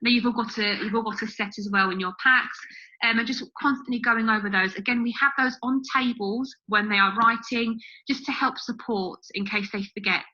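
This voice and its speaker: A woman's voice: fairly high pitch, steady tone, fairly quick, bright, forceful tone, lo-fi sound. A woman teacher explaining a writing method to parents, step by step with the odd filler.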